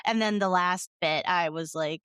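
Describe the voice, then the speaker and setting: A woman's voice: lowish voice, normal speed, fairly bright tone, clean tone, dry recording, studio quality. A woman on a podcast, talking eagerly and chattily, with plenty of "like"s. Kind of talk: casual podcast chat.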